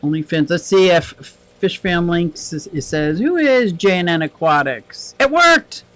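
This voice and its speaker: A man with a high-pitched voice talks casually on a livestream. He rambles from topic to topic, reads out viewer comments and laughs easily. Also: expressive, measured pace, rough recording. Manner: chatty and rambling, laughs often. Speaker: aquarium livestream host.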